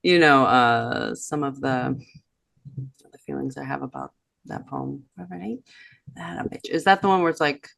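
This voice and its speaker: Podcast co-host, woman, thirties, bright tone, reflective casual chat with lots of "um" and "like". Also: extremely low pitch, normal speed, creaky, long pauses, no room sound, clean studio sound. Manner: reflective, reads off old notes, many fillers.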